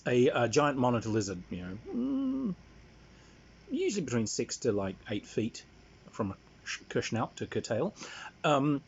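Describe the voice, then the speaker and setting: A man's voice: mid-range voice, a little hiss or hum. A man telling a rambling, wry family anecdote in a casual way. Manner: rambling, wry, many fillers. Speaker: storyteller. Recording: dull lo-fi sound.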